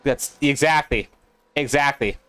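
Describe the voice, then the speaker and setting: A young man casting a sim racing league live, chatty and excitable, talking to his co-caster and to the chat. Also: medium pitch, unhurried, clean tone, no room sound. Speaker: race caster.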